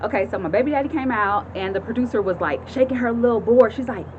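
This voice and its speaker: A woman in her thirties casually telling a story to her viewers, animated and chatty, acting out voices and often laughing. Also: on the high side, fast talker, hardly any pauses, narrow, tinny audio, a little hiss or hum. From California. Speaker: vlogger telling a personal story. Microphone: phone camera.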